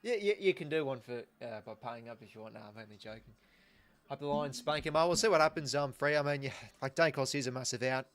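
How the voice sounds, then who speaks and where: A man's voice: medium pitch, fast talker, a bit bright. Easygoing Australian man chatting on a livestream. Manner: chatty and easygoing, thanking viewers, many restarts. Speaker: livestream host. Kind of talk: casual live watch-along chat.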